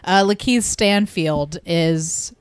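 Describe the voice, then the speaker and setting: A woman's voice: on the low side, smooth, no room sound. A woman co-hosting a casual film discussion podcast, chatty and full of filler likes. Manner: chatty, many filler likes, quick to laugh. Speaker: podcast co-host.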